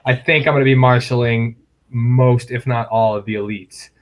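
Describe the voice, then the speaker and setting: Animated young man telling stories. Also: medium pitch, normal speed, poor audio. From New York State. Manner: animated storyteller, laughs often. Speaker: guest angler. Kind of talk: casual podcast chat.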